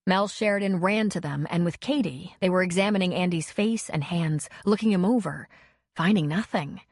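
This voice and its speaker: Low-voiced woman narrating an audiobook. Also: moderate pace, no room sound, clean studio sound. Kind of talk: scripted narration.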